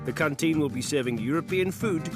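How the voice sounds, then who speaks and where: A man's voice: a little high, brisk. A man giving playful, wry scripted narration for a documentary. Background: background music.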